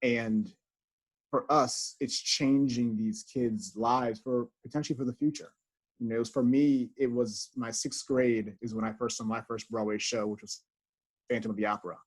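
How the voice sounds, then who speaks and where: A man's voice: mid-range voice, steady tone, normal speed. A man talking earnestly on a video call as a theater house manager, reflecting with many fillers. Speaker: associate house manager, guest.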